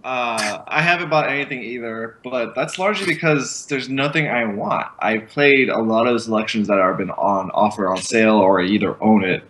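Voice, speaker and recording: Male co-host with a bright tense voice, dry jokes, faint hiss. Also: lowish voice, moderate pace, hardly any pauses. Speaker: podcast co-host. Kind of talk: casual chat.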